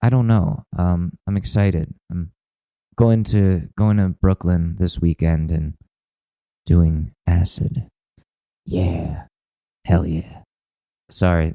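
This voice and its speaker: A rambling, profane young podcast host. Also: male voice, low-pitched, mellow, no echo, poor audio. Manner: rambling, self-mocking, profane. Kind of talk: rambling comedic monologue.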